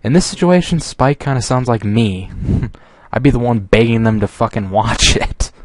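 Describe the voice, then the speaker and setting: A man's voice: lowish voice, fairly even intonation, slow pace, long pauses, dry recording. A man reading fan fiction aloud and breaking off with exasperated sighs, asides and laughter.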